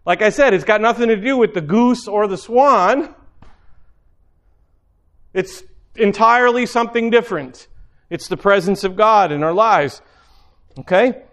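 A man with a fairly high voice preaches in an easygoing, conversational manner. He repeats key phrases and drifts into quick asides as he speaks to a church congregation. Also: a bit bright. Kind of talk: sermon.

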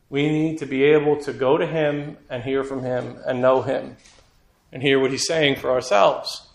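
A man's voice: mid-range voice, creaky. A male preacher giving a sermon in an earnest, conversational way, sometimes acting out quotes. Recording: echoey room.

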